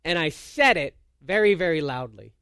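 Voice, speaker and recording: A man with a fairly high voice delivers a relaxed, conversational sermon. He is an animated, self-deprecating storyteller who often stumbles and restarts mid-sentence. The sound is dry and close, with hardly any room echo. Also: normal speed, smooth. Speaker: pastor.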